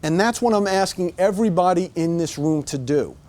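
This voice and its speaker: A middle-aged American man with a high, slightly quick, darkish voice gives a motivational speech to a room of staff. He's emphatic, driving each point home with a repeated "okay?"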